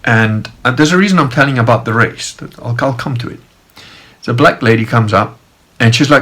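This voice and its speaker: A man's voice: medium pitch, brisk, a bit bright. A man streaming a loose, rambling personal story, full of fillers and side remarks. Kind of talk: rambling casual monologue.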